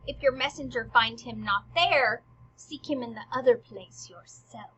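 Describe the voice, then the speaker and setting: A woman reading the part of a clever, mocking young prince in a husky voice. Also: on the high side, unhurried, a bit bright. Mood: sly. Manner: reads verse aloud plainly. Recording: dull lo-fi recording.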